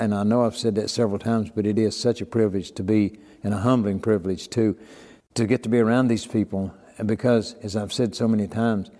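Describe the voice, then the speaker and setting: A man's voice: on the low side, dark tone, big-room sound. An older man telling stories in casual podcast talk, acting out quoted dialogue as he goes. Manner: folksy storyteller, acts out quoted dialogue. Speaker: podcast guest. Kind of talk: casual storytelling.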